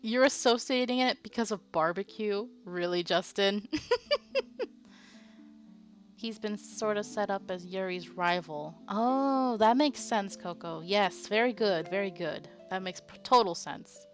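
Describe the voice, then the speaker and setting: A woman's voice: medium pitch, unhurried. Chatty woman streamer reading game text. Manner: chatty, playful, reacts to chat. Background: faint game music.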